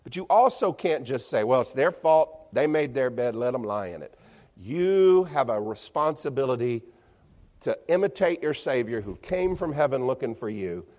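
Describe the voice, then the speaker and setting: A male pastor preaches with a lively voice that climbs high and sinks low. He stretches key words, then drops to a hush. A long reverb trails every phrase, as in a large church hall. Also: normal speed. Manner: animated, rising and dropping to near whispers for emphasis. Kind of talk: sermon.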